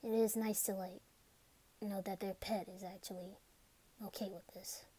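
Woman, whispered role-play, soft hesitant voice, drops into whispers. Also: medium pitch, steady tone, moderate pace, slightly rough. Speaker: ASMR role-play performer.

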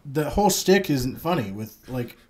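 A man's voice: medium pitch, lively intonation, normal speed. Wry male podcast co-host. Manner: wry, mock-combative. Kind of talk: casual podcast chat.

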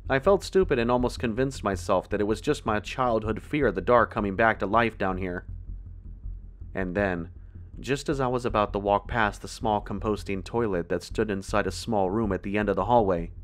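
A man narrating a first-person horror story in a tense, measured way. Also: on the low side.

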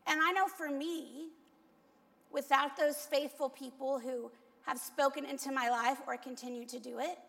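A woman's voice: sits high, steady tone, normal speed, vocal fry, fairly bright tone. A woman pastor giving a conversational sermon, telling candid, self-deprecating stories. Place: church sanctuary. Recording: long echo of a large church hall.

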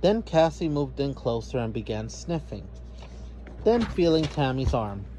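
A man reading a children's story aloud as narrator, in a measured way. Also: mid-range voice, big pitch swings, mellow, slight background noise.

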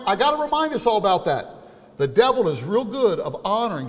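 A male pastor preaching an impassioned sermon that swings from hushed to loud. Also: high voice, sing-song, fairly quick, in a large hall.

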